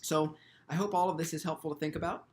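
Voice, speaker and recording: A man's voice: on the high side, steady tone, quick pace, a little hiss or hum. A man teaching violin in an instructional video, speaking thoughtfully and often restarting his sentences with ums.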